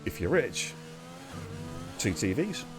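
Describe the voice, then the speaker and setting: A man's voice: on the low side, wildly swooping pitch, slow pace, faint music behind. A man hosting and calling a live sim racing stream, chatty and teasing, greeting viewers by name. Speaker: lead commentator and host.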